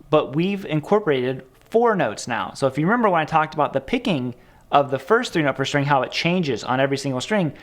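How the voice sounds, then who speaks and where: A man teaching a guitar lesson in an energetic, upbeat, chatty way, with guitar playing behind him. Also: on the high side.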